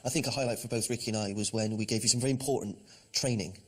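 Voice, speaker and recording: A man's voice: on the low side, fairly even intonation, rapid-fire, poor audio. An English man asking questions in a dry, mock-serious way as co-host. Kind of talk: casual interview questions.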